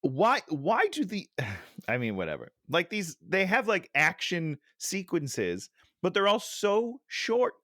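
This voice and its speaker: A middle-aged man grumbles through a movie review on a headset mic, sighing and ranting in exasperation. His voice sits fairly high and leaps all over the place, and the recording is close and dry. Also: huge pitch swings, takes it slowly, fairly bright tone, no room sound. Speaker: podcast co-host. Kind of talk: casual movie-review chat.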